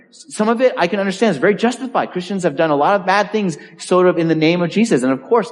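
A man preaching a sermon, telling a story and acting out the people in it. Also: sits high. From California. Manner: animated storyteller acting out voices. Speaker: pastor. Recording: long hall reverb.

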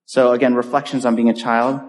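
Male pastor, mid-pitched, earnest sermon delivery with soft trailing phrase ends, church reverb. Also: flat delivery, brisk. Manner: earnest, pleading, drops softly at phrase ends. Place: church sanctuary.

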